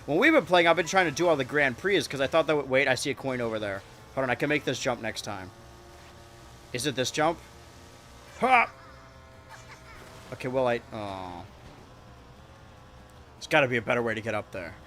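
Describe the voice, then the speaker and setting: A man streaming a kart racing game, rambling and joking to his chat with sudden excited yelps. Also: mid-range voice, fairly quick, long pauses, slight background noise. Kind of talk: live-streamed gameplay commentary.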